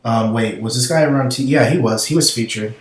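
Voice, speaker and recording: A man's voice: mid-range voice, brisk, reverberant, low-quality recording. A man giving casual commentary as he reads through chat logs, blunt and swearing, often trailing off mid-thought.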